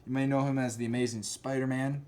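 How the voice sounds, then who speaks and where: A man casually recapping films for a co-host, rambling and slipping into quick silly voices for the characters. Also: medium pitch, level tone, mellow. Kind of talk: casual chat recapping movies.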